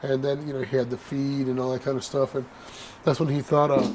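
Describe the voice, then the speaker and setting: A man in an interview telling candid stories, keeps adding "right?" and gets animated. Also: mid-range voice, brisk, slight background noise. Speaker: interview guest, copwatcher.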